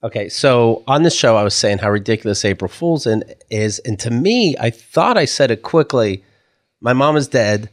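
A man with a deadpan, joking delivery in a casual podcast chat. He tells stories with dry humor. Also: medium pitch, normal speed, hardly any pauses. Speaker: podcast host.

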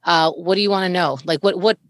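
A woman's voice: lowish voice, fairly even intonation, fast, dry recording. A woman co-hosting a podcast in casual chat, retelling things in a chatty way with casual swearing. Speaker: podcast co-host.

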